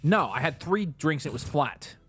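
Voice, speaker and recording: A man's voice: on the high side, very animated, normal speed, fairly bright tone, slightly rough, faint music behind. A man co-hosting a casual livestream, reading chat, thanking viewers and joking between topics. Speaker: livestream co-host.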